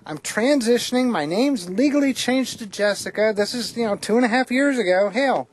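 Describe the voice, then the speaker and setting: A woman talking candidly to the camera outdoors at an oil well site, chatty and rambling, quick to laugh. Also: a little high, expressive. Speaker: vlogger. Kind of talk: candid personal vlog. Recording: noisy outdoor recording.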